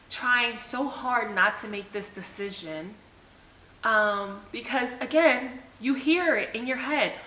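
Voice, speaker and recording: A woman's voice: mid-range voice, pushed and bright. A woman vlogger telling a personal story to the camera in a candid, emotional, conversational way. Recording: echoey room with faint hiss.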